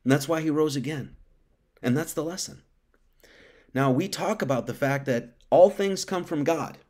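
A preacher gives an informal, casual sermon, reading scripture, acting out quotes and restarting often. His voice is fairly high and a little mellow, at normal speed.

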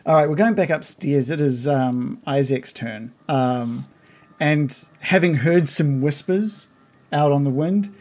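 A man's voice: medium pitch, slow pace, a little mellow, soft background music. Hesitant man narrating a tabletop game. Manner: hesitant, many ums and restarts. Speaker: game master.

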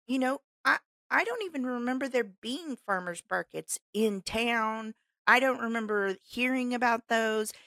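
A woman from Missouri, co-hosting a podcast and telling animated stories in casual chat. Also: fairly high pitch, unhurried, no room sound. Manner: animated storyteller who acts out quotes. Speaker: podcast co-host.

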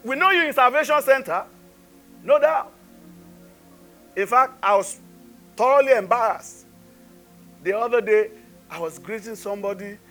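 A man with a notably high voice delivers a sermon. He talks to his congregation in an easy, joking way, then turns to pointed rhetorical questions. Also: moderate pace, long pauses, sharp tone, faint music behind. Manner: conversational and humorous, rhetorical questions. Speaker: pastor.

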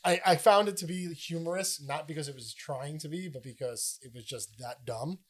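Male podcast co-host, somewhat high voice, wry and amused delivery. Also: normal speed, a bit bright. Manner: wry, amused, reading from notes. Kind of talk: casual movie review chat.

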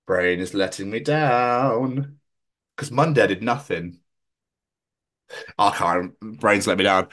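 A man from Scotland, hosting a podcast and telling stories in casual chat, sweary and animated. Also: lowish voice. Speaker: podcast host.

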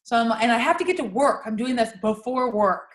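Podcast co-host: young woman, a bit high, animated storyteller, echoey room. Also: fairly quick. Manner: animated storyteller, laughs often. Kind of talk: casual storytelling chat.

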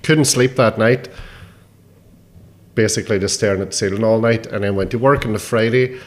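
A man's voice: lowish voice, brisk. A man who is a stand-up comedian, telling stories in a dry, matter-of-fact way during a casual chat.

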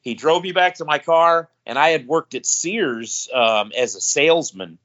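A man's voice: fairly high pitch, animated, unhurried, fairly bright tone. A man on a podcast, casually telling a rambling story and laughing as he goes. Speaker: podcast co-host. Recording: dull lo-fi podcast audio.

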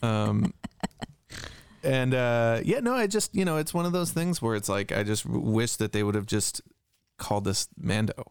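Man, casual podcast co-host, rambles a little and fills with "like", smooth clear voice, dry close sound. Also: mid-range voice, very animated, moderate pace, dry recording. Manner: rambling, restarts often, says "like" and "right?". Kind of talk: casual chat.

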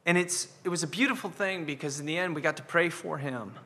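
A man's voice: a little high, fast talker, sharp tone, long reverb tail. A man preaching an earnest sermon as pastor, often repeating words as he builds a point. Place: church sanctuary.

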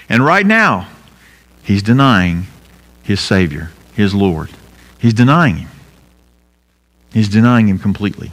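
A man preaching a sermon as pastor, earnest, building to emphatic peaks and dropping low for weight. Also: very animated, measured pace, pauses often, fairly bright tone. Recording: long hall reverb.

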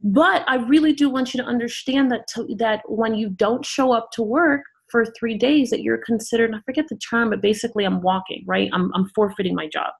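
A middle-aged woman from Miami, a guest entrepreneur telling her story in an animated way, acting out the voices of people she quotes. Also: a little high, brisk, vocal fry, hardly any pauses. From Miami, Florida. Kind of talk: storytelling interview talk.

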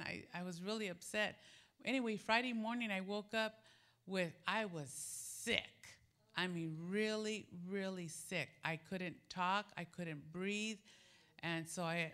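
A middle-aged woman pastor telling a personal story to her congregation in a casual, animated sermon, laughing as she goes. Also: medium pitch. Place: church sanctuary.

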